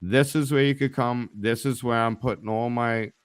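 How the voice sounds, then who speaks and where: A man's voice: mid-range voice, fairly even intonation, moderate pace, clear, resonant tone, no echo, studio quality. Brash, profane man ranting on a live stream. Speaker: guest co-host of a live online show. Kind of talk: casual live-stream chat.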